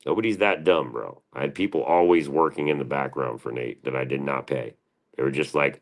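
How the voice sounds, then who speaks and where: A man's voice: extremely low pitch, fairly quick. A man hosting a livestream, answering his chat in a profane, combative and defensive rant. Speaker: livestream host.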